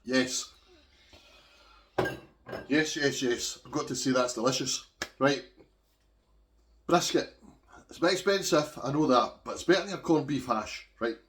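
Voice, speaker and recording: A man's voice: mid-range voice, animated, normal speed, long pauses, a bit bright, echoey room, far from the mic. A Scottish man chatting homely to viewers while he cooks in his kitchen. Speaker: home cook vlogger. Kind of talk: casual cooking demonstration. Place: home kitchen.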